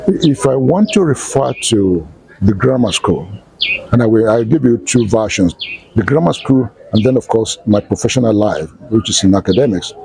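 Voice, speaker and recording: A man's voice: on the low side, lively intonation, moderate pace, vocal fry, a little mellow, low-quality recording. An older man with a Nigerian accent, a retired teacher telling a story in an interview and acting out the voices of the people in it.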